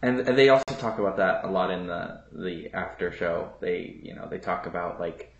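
A podcast co-host in relaxed casual chat, agreeable and low-key. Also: moderate pace, few pauses, roomy sound, dull audio.

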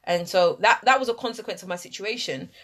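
A woman telling a personal story on a casual podcast. She talks with animation and slips into little acted-out voices for her own thoughts and for what others said. Her pitch sits in an ordinary middle range. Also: a little fast.

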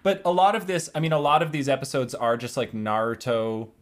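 A man's voice: mid-range voice, expressive, a little fast. A man co-hosting a podcast in casual chat, jokey and rambling, laughing often. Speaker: podcast co-host.

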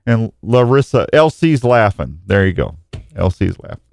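Chatty, clear-voiced male show host. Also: fairly low pitch, very animated, moderate pace. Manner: jokey, rambling, often stumbles over words. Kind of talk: live talk show with listener shout-outs.

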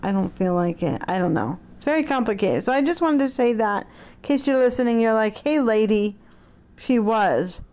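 A woman's voice: a little high, animated, fairly quick, darkish tone. Outspoken middle-aged woman, rambling. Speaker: vlogger. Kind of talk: casual monologue.

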